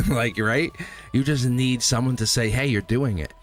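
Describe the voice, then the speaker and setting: A man hosting a live tarot stream, talking straight to his viewers in an animated way and laughing often. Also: mid-range voice, a little slow.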